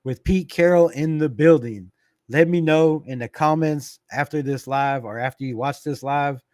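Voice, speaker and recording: A middle-aged man hosts a fan livestream, chatting loosely and reading viewer comments out loud. He laughs easily and curses without a second thought. His voice sits a bit high for a man, and the sound is close and dry with no room around it. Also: moderate pace, dry recording. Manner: laid-back, reads viewer comments aloud, laughs often, swears. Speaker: fan channel livestream host. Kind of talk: casual livestream chat.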